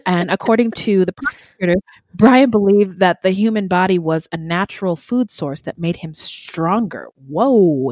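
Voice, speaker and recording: A woman's voice: on the low side, darkish tone, no echo. A woman co-hosting a true crime podcast, chatty and laughing, with stammering restarts. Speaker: podcast co-host. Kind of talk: casual true crime chat.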